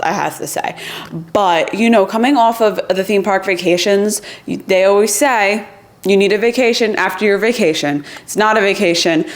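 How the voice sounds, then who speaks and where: A woman hosting a casual vlog. She talks in a bubbly, rambling way with fillers, tired after a long trip. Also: medium pitch. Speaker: vlog host. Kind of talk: casual chat to camera.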